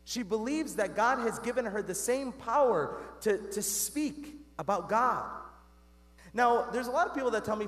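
A man delivers a homily from the pulpit in a high voice that swoops up and down with animated energy. He keeps it conversational, asking the congregation questions and calling them "guys." A long church reverb trails behind every phrase. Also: moderate pace. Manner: conversational, talks straight to the congregation with rhetorical questions. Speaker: Catholic priest. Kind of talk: sermon.

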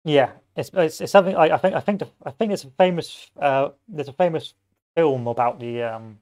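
A man's voice: fairly high pitch, a little fast, darkish tone. A man giving casual gameplay commentary, rambling off into history tangents and joking asides. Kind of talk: casual let's-play commentary.

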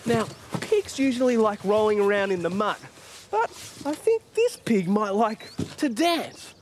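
A man presenting a children's show, animated and playful, making animal noises for young viewers. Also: high-pitched, measured pace, loud music behind the voice.

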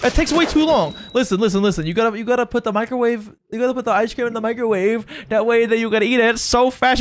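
A streamer chatting casually during a live gaming session, excitable and rambling, often stammering and repeating words. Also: mid-range voice, fast, hardly any pauses, slight background noise.

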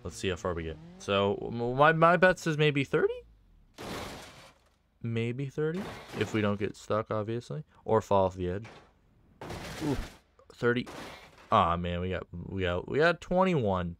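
A man's voice: fairly low pitch, measured pace, long pauses, slight background noise. A man giving casual, rambling gameplay commentary on a map he built, upbeat and full of fillers and restarts. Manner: upbeat and easily excited. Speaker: game map creator and video creator.

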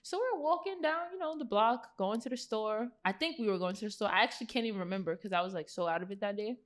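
A young woman guest on a podcast, casually telling a lively, slangy story and laughing as she goes. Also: medium pitch, fast. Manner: animated, slangy, laughs through her story.

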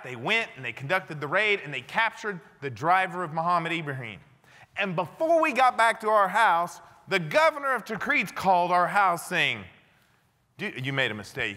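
A man, a former army interrogator, telling a story to an audience, dropping low and quiet for the quoted lines. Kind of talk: storytelling lecture. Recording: long hall reverb.

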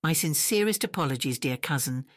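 A woman's voice: sits low, animated, fairly quick, dry recording, studio quality. A woman voicing a cold young noblewoman who sounds polite but insincere, in a storybook reading.

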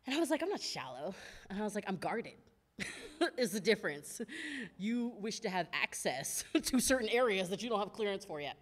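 A young woman preaches at a midweek women's service, her fairly low voice ringing with the long echo of the church hall. She tells her stories with lively acted-out lines and laughs often as she talks. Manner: animated storytelling, acts out her own past words, laughs often. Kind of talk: personal testimony sermon.

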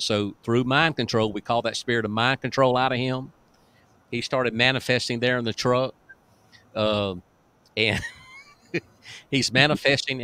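A man's voice: mid-range voice, a bit bright, clean tone, dry recording. A male pastor telling deliverance stories in a folksy, emphatic preaching manner, chuckling now and then.

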